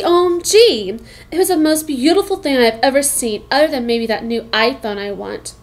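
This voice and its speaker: Expressive woman reading a storybook aloud. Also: a little high. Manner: lively, expressive first-person reading with small slips. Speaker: reader. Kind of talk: reading a children's novel aloud.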